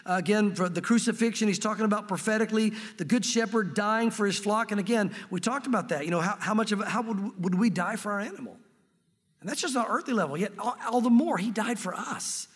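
A man preaching a sermon with earnest excitement, teaching from the Bible and reading scripture aloud. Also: high-pitched, slightly rough, big-room sound. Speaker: pastor.

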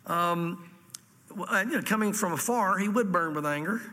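A man's voice: high voice, brisk, sharp tone, big-room sound. A man from Virginia with a Southern accent, a pastor teaching a sermon through scripture with folksy asides. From Virginia, USA. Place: church hall before a congregation.

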